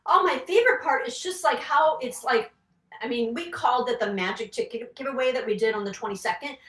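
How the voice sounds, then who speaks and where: Woman, interview guest, fairly high voice, lively and laughing, distant mic, roomy echo. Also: brisk. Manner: animated, laughing, enthusiastic. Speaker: interview guest, clinical psychologist. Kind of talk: casual interview chat.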